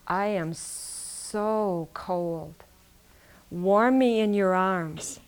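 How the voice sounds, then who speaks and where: A woman voicing a cunning rattlesnake that pleads slowly in a low voice. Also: clear, resonant tone. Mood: pleading. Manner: slow, drawn-out pleading.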